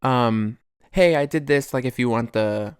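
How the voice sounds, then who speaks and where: A man's voice: mid-range voice, unhurried, clear, resonant tone, dry recording, clean studio sound. A young man co-hosting a podcast, talking loosely with many fillers and acting out the people he quotes. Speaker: podcast co-host. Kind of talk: casual chat.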